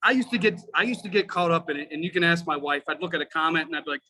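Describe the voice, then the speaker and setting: Firefighter guy on a podcast, 40s, swearing a lot, high bright voice, really fired up. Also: rapid-fire, slight background noise, rough recording. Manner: profane, emphatic, fired-up. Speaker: podcast guest, firefighter lieutenant. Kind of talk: casual podcast chat.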